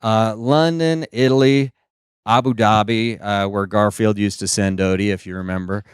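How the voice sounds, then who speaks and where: Animated man doing stand-up. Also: normal speed, clear, resonant tone, dry recording, clean studio sound. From United States. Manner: animated storyteller, pops into high silly voices for quoted people. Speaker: stand-up comedian. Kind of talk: stand-up comedy set. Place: small stage. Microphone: handheld microphone.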